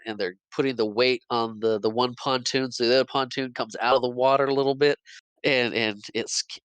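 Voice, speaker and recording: A man's voice: medium pitch, fairly bright tone, clear, resonant tone, no room sound, rough recording. A man co-hosting a podcast, retelling a film scene by scene in casual chat, with frequent restarts and small laughs. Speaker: podcast co-host. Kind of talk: casual movie recap chat.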